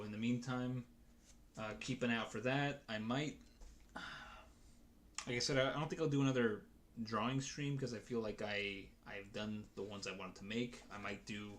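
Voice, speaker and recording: A man's voice: lowish voice, a bit bright, a little hiss or hum. A man chatting casually to his stream viewers as a dungeon master, rambling and hesitant with many restarts.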